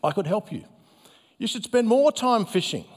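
A man's voice: big pitch swings, moderate pace. Man putting on a raised, pushy American banker, salesman patter, long hall reverb. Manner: pushy, upbeat salesman pitch. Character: brash American male investment banker.

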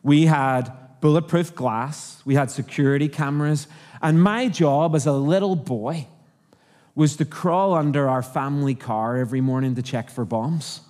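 A man's voice: fairly high pitch, moderate pace, darkish tone, in a large hall. A man from Northern Ireland with a Northern Irish accent, preaching a conversational sermon and asking the congregation questions. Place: church auditorium.

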